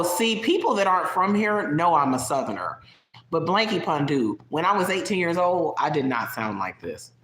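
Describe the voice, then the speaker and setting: Southern US accent, casual live-stream chat, mid-pitched voice, laughs a lot, pitch jumps up, echoey room. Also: a bit bright. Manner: chatty, laughs often, swoops up in pitch. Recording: roomy echo.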